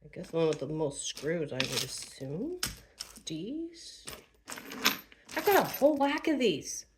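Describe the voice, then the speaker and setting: A woman's voice: on the low side, expressive, measured pace, noisy background. A woman vlogger narrating casually to herself as she assembles furniture, chatty and self-deprecating.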